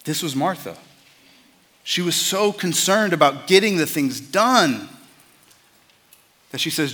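A man's voice: fairly high pitch, expressive, slow, long pauses, bright, forceful tone. Earnest preaching man, reverberant hall. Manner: earnest, conversational, repeats words when starting phrases. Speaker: pastor. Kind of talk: sermon.

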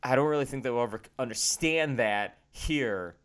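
A man's voice: medium pitch, moderate pace, a bit bright, clean tone. A man co-hosting a casual faith podcast, speaking in a candid, self-deprecating and earnest way. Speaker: podcast co-host.

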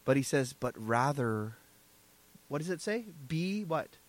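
A man's voice: mid-range voice, very animated, measured pace. A man preaching a sermon as pastor, emphatic, often asking the congregation "right?" and "amen?".

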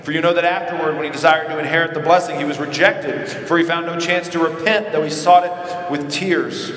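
A man preaching a sermon as pastor, acting out biblical figures in short dramatic asides and dropping low and quiet for emphasis. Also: fairly even intonation, brisk. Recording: echoey hall with long reverb.

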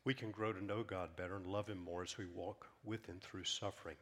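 A man preaching a sermon as pastor, emphatic, rising loud then dropping to a hush. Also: low voice, fairly even intonation, fairly quick. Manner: emphatic, swings from loud to hushed.

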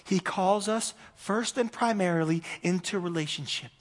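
A man, a pastor preaching a conversational sermon, swinging between loud emphasis and hushed moments. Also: sits high, moderate pace, in a large hall.

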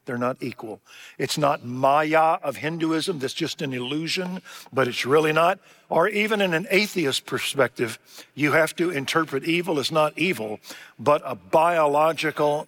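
A man delivers a sermon in a middle-pitched voice, posing questions to his listeners and drawing out the words he wants to land. His voice rings with a long hall reverb. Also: a bit bright. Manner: rhetorical questions, slows for emphasis. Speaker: pastor.

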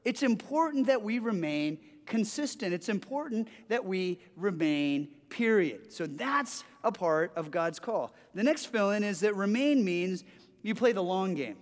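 A man preaching a sermon, telling stories with lively energy, often restarting and repeating words. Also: high-pitched, a little slow. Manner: animated storytelling with frequent restarts and repeated words. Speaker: pastor. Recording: long hall reverb.

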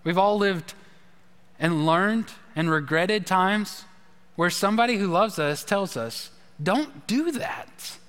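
A man's voice: high voice, takes it slowly, a bit bright, clean tone. A man preaching a sermon in a loose, conversational way, telling stories with asides to the congregation. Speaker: pastor. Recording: long reverb of a large hall.

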